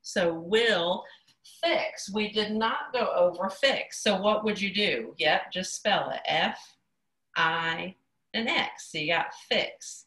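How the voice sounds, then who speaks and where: A woman's voice: medium pitch, slow, fairly bright tone. Chatty woman teaching over a roomy video call. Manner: chatty, self-correcting, says "y'all" and "yep" often. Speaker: sign language instructor. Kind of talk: casual online class teaching. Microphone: computer mic on a video call. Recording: echoey room on a video call.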